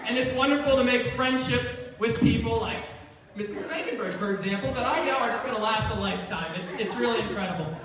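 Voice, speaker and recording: A man's voice: very high-pitched, brisk. A young man giving a playful, laughter-filled youth devotion to children. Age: young adult. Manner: animated, playful, laughing often. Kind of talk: comic youth sermon. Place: indoor hall with children. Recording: echoey hall from far off. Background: children's audience and room noise.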